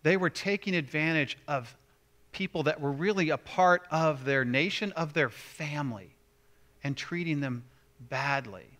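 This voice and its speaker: Bright-voiced male pastor preaching. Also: fairly high pitch, measured pace. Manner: conversational preaching, rising to emphatic. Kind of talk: sermon.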